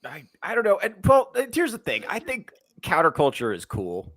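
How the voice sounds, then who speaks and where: A man hosting a casual podcast chat, animated, laughing often and swearing freely. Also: high-pitched, moderate pace, dry recording. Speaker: podcast host and comedian.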